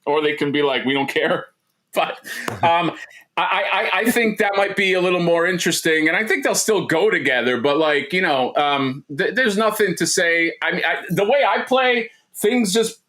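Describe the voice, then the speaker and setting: Rambling joking man, slightly high voice. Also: lively intonation, normal speed, sharp tone. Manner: rambling, joking, many restarts and fillers. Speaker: co-host. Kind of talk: casual livestream chat.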